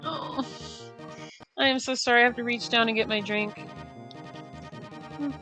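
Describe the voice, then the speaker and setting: A high-pitched woman chats with her viewers while she plays a racing game, laughing easily and greeting people by name. Faint game music plays underneath her talk. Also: a little slow, poor audio. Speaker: streamer. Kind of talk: casual live-stream chat while gaming.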